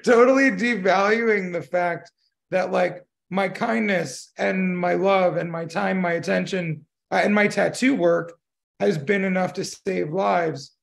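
Laid-back male podcast co-host with a high, gravelly voice. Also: steady tone, measured pace. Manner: laid-back, rambling, swears casually, laughs often. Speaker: podcast co-host, tattoo artist. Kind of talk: casual chat.

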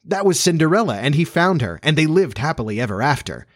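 A man voicing an earnest, excitable young girl, raising his voice high and breathless. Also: normal speed, breathy edge, no room sound, clean studio sound. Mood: eager.

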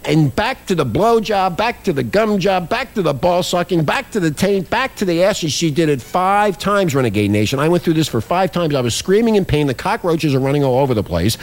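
Man, talk show host, crude storyteller, rambling, profane, animated pitch. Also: brisk, few pauses. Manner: rambling, profane, repeats himself. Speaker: podcast host.

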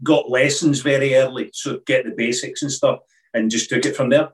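A middle-aged Scottish man, a podcast guest, recalling his past in a relaxed, halting way with many restarts. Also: mid-range voice, recorded from a distance. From Scotland. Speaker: guest, former snooker player. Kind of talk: casual interview chat.

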